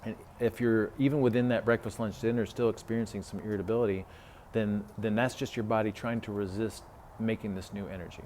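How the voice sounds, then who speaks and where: A man's voice: fairly low pitch, steady tone, a little fast, darkish tone, a little hiss or hum. A man talking casually as a health coach, retelling a client conversation with lots of fillers and asides. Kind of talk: casual podcast talk.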